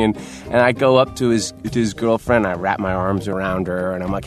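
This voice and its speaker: A man, an actor, telling a funny personal anecdote in a casual, animated way with many restarts and fillers. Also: fairly low pitch, brisk, few pauses, faint music behind. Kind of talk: casual storytelling interview.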